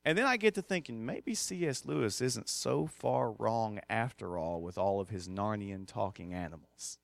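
A man's voice: fairly low pitch, animated, normal speed, creaky, no echo. A male pastor preaching a sermon in a conversational, emphatic way, with casual asides.

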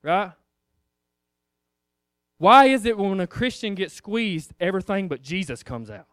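A man preaching in a loose, conversational way, throwing questions out to the congregation. His voice is high and smooth, and it sounds dry and close. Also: very animated, unhurried, a bit bright, no echo. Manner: conversational, rhetorical questions, addresses the congregation as guys. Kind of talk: informal sermon.

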